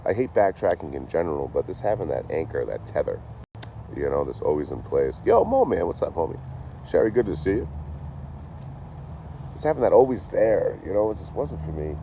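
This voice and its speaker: A deep, mellow-voiced man talks outdoors in a casual, rambling way. He swears freely and leans on "you know" between thoughts. Faint traffic hums behind him in the street. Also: big pitch swings, fairly quick, creaky. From Massachusetts. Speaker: traveling vlogger. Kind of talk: casual chat.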